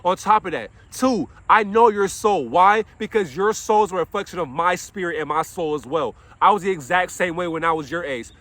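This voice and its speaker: With a high, fairly bright voice and no echo, a young man speaks a little fast and barely pauses. He is an after-school counselor preaching and swearing through a passionate monologue, venting as he asks himself questions and answers them.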